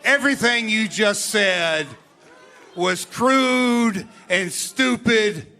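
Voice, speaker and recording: Middle-aged male wrestler, bright and firm, slow measured retorts, handheld mic in an arena. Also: high voice. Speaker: veteran pro wrestler. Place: large indoor arena.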